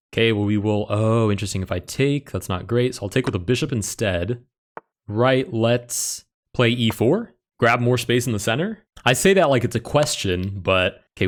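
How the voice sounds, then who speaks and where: A man with a lowish voice talks through his own speed chess game into a desk microphone. He thinks aloud move by move and breaks off into quick startled exclamations when something goes wrong. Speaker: chess streamer. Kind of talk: live game commentary.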